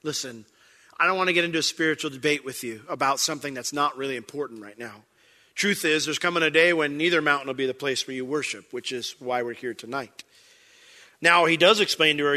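Bright, emphatic male preacher. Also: on the high side, brisk. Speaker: pastor. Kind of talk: sermon.

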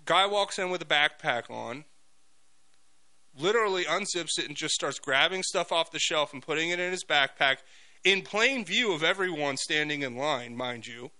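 A man hosting a talk radio show, telling stories in an animated monologue full of fillers and restarts. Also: on the high side, normal speed, poor audio.

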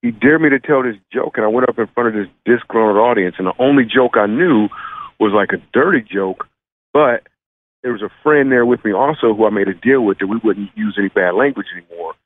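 Low-voiced comedian on a tinny phone line. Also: male voice, fairly quick, no echo. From Michigan, USA. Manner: joking, animated storyteller. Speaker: comedian guest. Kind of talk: phone-in radio interview.

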